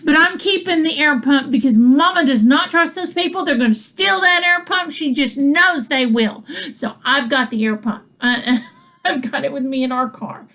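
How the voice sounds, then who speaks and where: A woman's voice: high-pitched, moderate pace, fairly bright tone. A woman telling a comic story, rambling with asides and chuckling between lines. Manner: rambling, self-interrupting with asides. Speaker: comedian. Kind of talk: comedic storytelling.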